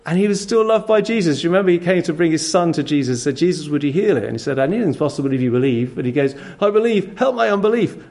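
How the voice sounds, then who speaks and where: Earnest, animated male preacher. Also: on the high side, rapid-fire, few pauses. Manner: earnest, animated storytelling with rhetorical questions. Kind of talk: sermon.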